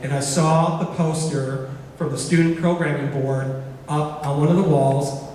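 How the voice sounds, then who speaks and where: A man's voice: a little high, steady tone, a little slow, a little mellow, slight background noise, lightly acted. A man voicing an earnest young student woman. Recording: echoey hall recorded from far off.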